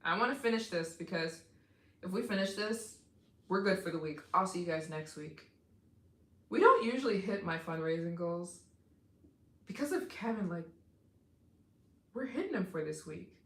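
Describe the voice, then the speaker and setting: A woman's voice: fairly low pitch, lively intonation, moderate pace, pauses often, a bit bright, reverberant. A woman live streaming, chatting casually with viewers and thanking them for donations, tired and yawning.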